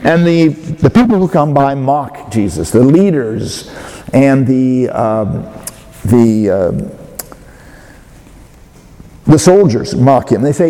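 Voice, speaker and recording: A man giving a sermon as a pastor, speaking in a measured way with hesitant fillers and restarts. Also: mid-range voice, animated, mellow. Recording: long hall reverb.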